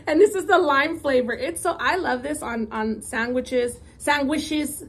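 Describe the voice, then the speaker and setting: A woman with a high voice chats with her viewers at the table, upbeat and warm toward them, dropping Spanish words into her English. She sounds like a casual home vlog caught on a camera mic. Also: lively intonation, normal speed. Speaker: mukbang vlogger.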